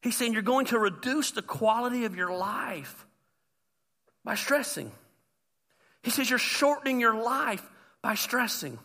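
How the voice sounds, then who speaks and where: A pastor preaching a sermon in an animated way, moving from shouts to soft, tender asides. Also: male voice, very high-pitched, measured pace, pauses often, in a large hall.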